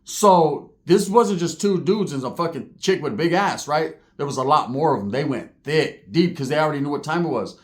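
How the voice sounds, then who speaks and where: Higher-voiced man telling street stories. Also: lively intonation, moderate pace, hardly any pauses. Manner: profane, heavy street slang. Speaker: storyteller. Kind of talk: casual street storytelling.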